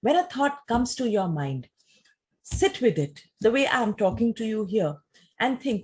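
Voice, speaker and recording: A woman gives a talk and answers audience questions in a measured, explanatory way, often using rhetorical questions. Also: a little high, sing-song, a little mellow, breathy edge.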